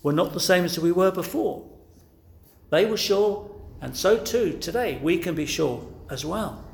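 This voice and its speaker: A man delivers an earnest, pleading sermon, pressing his hearers again and again with direct questions. His voice sits a little higher than most men's. It rings out in a roomy, echoing space. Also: expressive, measured pace, vocal fry. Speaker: preacher. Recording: echoey room.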